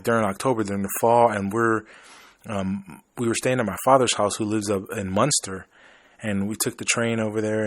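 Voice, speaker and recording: A man from Chicago hosts a casual podcast in a fairly low voice. He rambles easily from story to story, and the sound is dry and close with no room echo. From Chicago, USA. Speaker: podcast host.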